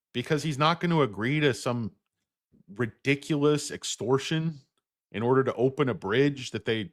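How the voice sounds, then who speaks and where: A man hosting a stock market livestream, ranting bluntly and profanely while answering chat, with loud outbursts and low muttered asides. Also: dry recording, studio quality.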